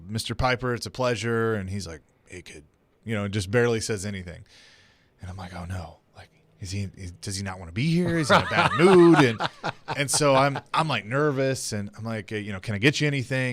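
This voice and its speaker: A man co-hosting a radio show, telling a wrestling story in casual chat and acting out the quotes. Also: on the low side. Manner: animated storyteller, acts out quotes. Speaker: radio co-host and producer. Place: radio studio.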